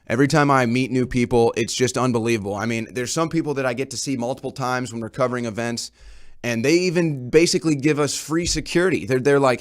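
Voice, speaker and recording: A man's voice: mid-range voice, fast talker. A man reporting on a talk show, casually recounting events in a rambling way and often repeating his words.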